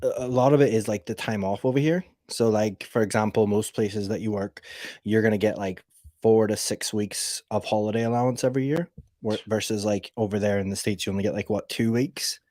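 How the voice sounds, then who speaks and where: Northern Irish man, low dry voice. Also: fairly even intonation, a little fast, warm tone, no echo. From Northern Ireland. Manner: rambling, heavy use of "like" fillers. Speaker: podcast guest. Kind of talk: casual conversational storytelling.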